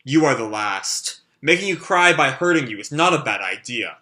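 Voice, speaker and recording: A man voicing a calm male swordsman who makes his foes cry, speaking slowly and evenly. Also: medium pitch. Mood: measured.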